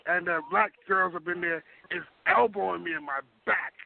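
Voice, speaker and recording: Gravelly, high-voiced boastful man. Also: moderate pace. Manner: boastful, emphatic storytelling. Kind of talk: casual chat. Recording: tinny phone-like line with faint hiss.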